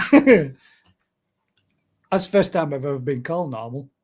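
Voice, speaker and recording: A man's voice: medium pitch, fast talker, dark tone. A man with a Northern English accent hosting a casual live chat show, chatty and laughing often, with broad dialect words. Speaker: show host.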